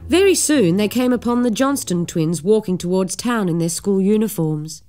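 A woman narrating a children's story in an expressive reading voice. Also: mid-range voice, moderate pace, soft background music.

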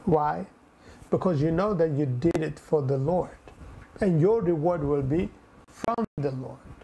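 A man's voice: on the high side, creaky, mellow, slightly rough, rough recording. A man preaching a sermon in an earnest way, often repeating phrases and adding fillers.

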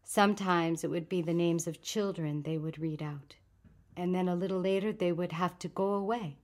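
A soft, lowish female voice carrying quiet grief and bitterness. The figure is a refugee woman voiced by a woman reading a story aloud, speaking gently and with restraint. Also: moderate pace, natural voice. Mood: grieving. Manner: soft, hushed, controlled grief.

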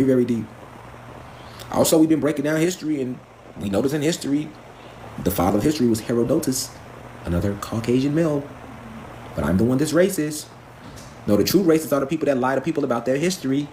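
A man's voice: a little high, slight background noise. A man giving a profane, preachy live stream lecture, firing off rhetorical questions. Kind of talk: impassioned live stream rant.

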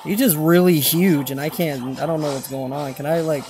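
A young man giving casual, excitable commentary while playing a mobile game, swearing now and then and saying "dude" a lot. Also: fairly high pitch, moderate pace. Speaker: gaming channel host. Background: game music.

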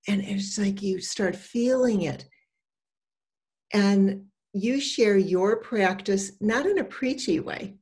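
Older lady coach chatting gently, encouraging, easygoing talk. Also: mid-range voice. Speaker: empowerment coach. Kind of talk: casual advice talk.

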